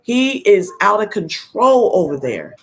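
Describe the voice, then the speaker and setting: An older woman, a grandmother, hosting a casual live stream and telling stories in a firm, no-nonsense way, acting out quoted dialogue and now and then clearing her throat. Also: medium pitch, very animated, unhurried. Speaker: host of a live parenting talk.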